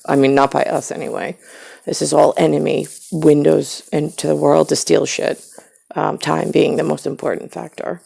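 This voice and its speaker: A woman's voice: low-pitched, flat delivery, normal speed, gravelly, mellow, husky. A woman vlogging in a rambling solo monologue, drifting between scattered thoughts with many fillers and heated, swearing outbursts.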